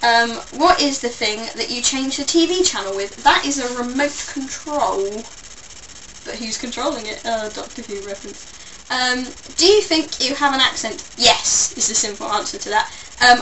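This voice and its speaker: A woman's voice: on the high side, bright, forceful tone, distant mic, slight background noise, poor audio. A young English woman with a mixed London and Somerset accent, rambling through a casual vlog with playful, self-mocking asides. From England. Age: young adult. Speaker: vlogger.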